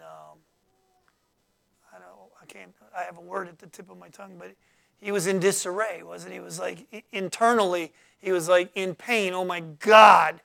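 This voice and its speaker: With a medium-pitched, sharp voice edged by vocal fry, this preacher teaches from the Bible during a sermon. He reads passages aloud, unpacks their meaning, and calls out for the congregation's replies, stumbling along with frequent fillers and restarts.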